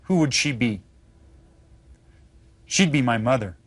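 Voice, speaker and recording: A man teaching a children's Spanish lesson, upbeat and coaxing, repeating each word slowly and asking pupils to say it back. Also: medium pitch, expressive, husky. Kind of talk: scripted children's language lesson.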